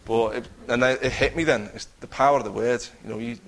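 A man's voice: mid-range voice, fairly even intonation, fast talker, gravelly, fairly bright tone. A man giving an earnest personal testimony, telling his story with many restarts. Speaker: testifying believer.

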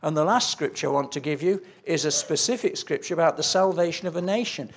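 A man's voice: on the high side, quick pace, gravelly. A man preaching a sermon, earnestly telling stories with quoted dialogue and reading scripture aloud.

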